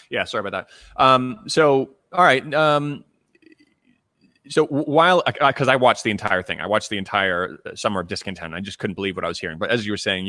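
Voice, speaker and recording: A man's voice: low-pitched, pushed and bright, dry recording, studio quality. A man raised in Canada hosting a conversational interview, thoughtful and full of fillers and restarts. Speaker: interviewer, channel host.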